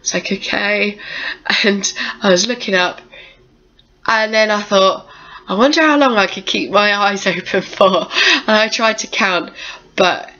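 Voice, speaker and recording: A young woman talks through a personal story in a loose, chatty vlog, dotting her sentences with ums and little laughs and slipping into quoted voices. Her voice sits at an ordinary middle pitch for a woman. The audio is a touch dull and lo-fi, like a home video. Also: measured pace, sharp tone. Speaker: vlogger. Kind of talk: casual storytelling to camera.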